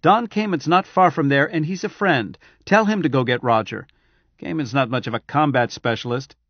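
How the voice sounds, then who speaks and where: A man's voice: normal speed, no room sound, muffled recording, lightly acted. A man reading a novel aloud, voicing an impatient female military major with curt, insistent lines. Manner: curt, insistent, raised pitch for a woman.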